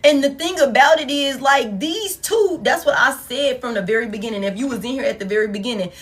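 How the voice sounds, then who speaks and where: Profane, animated woman doing a tarot reading. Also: on the high side, brisk. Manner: talks straight to viewers. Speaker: tarot reader. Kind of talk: collective tarot reading monologue.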